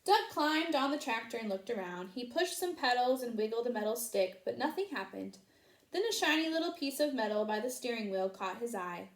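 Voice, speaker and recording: A woman reading a children's picture book aloud in an expressive, sing-song storytelling manner. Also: a little high. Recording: roomy echo.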